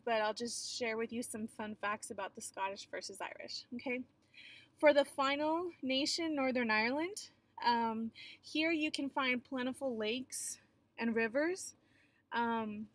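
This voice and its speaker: A woman's voice: fairly high pitch, fairly bright tone. A young adult woman teacher giving a recorded geography lecture in a chatty, explanatory way with frequent filler sounds.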